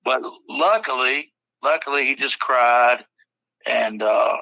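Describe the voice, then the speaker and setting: A man's voice: medium pitch, slow pace, vocal fry, pushed and bright, dry recording, lo-fi sound. A man in a casual podcast chat, telling rambling stories full of swearing. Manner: profane, rambling storyteller. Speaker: podcast guest or co-host.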